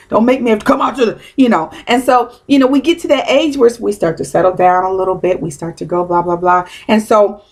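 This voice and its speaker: A woman's voice: mid-range voice, brisk, creaky, few pauses. A woman in her thirties giving an informal teaching talk as a preacher, conversational and storytelling, slipping into quoted asides.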